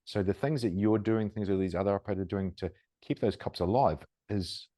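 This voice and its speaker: Very deep-voiced podcast host. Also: male voice, brisk, warm tone, no room sound, clean studio sound. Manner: conversational, complimentary, rambling. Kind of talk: casual interview talk.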